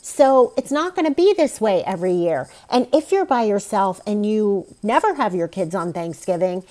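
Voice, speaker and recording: A woman hosts an advice podcast in a reassuring, direct voice. Her pitch sits in the middle of the range for women. She talks straight to the listener. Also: very animated, moderate pace, darkish tone. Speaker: podcast host.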